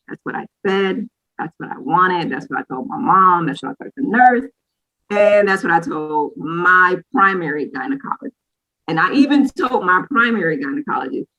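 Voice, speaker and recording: Bright-voiced woman telling her own story. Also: lowish voice, low-quality recording. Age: 30s. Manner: candid, rambling, frequent "or whatever" asides. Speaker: podcast co-host. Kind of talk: personal storytelling chat.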